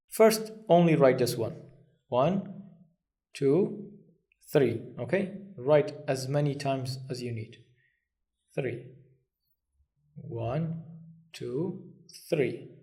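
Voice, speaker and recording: A man's voice: medium pitch, mellow. A man teaching a language lesson, patient and reassuring, counting strokes aloud as he writes. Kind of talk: step-by-step lesson.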